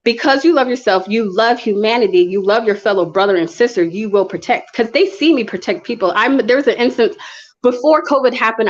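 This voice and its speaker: Woman in her 30s talking passionately, lots of restarts, kinda dull lo-fi sound. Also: mid-range voice. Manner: passionate, storytelling, frequent restarts. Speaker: guest speaker. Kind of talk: casual conversation. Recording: dull lo-fi audio.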